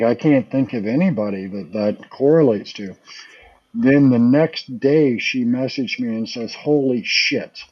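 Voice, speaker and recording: A man's voice: mid-range voice, muffled recording. A man guest on a paranormal talk show, casually telling rambling anecdotes and acting out what others said. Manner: rambling anecdotes, acts out quoted voices. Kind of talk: casual storytelling.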